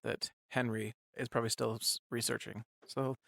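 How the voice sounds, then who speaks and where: A man's voice: medium pitch, flat delivery, moderate pace, gravelly, a bit bright, dry recording, clean studio sound. A man playing in a tabletop role-playing game who banters wryly in casual chat. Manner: wry, bantering. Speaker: player.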